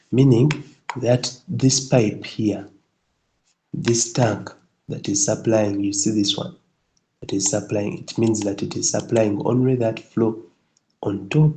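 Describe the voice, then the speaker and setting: Low-voiced man explaining a design tutorial. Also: a little mellow, a little hiss or hum, rough recording. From Kenya. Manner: checks in with listeners, frequent restarts. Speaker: instructor.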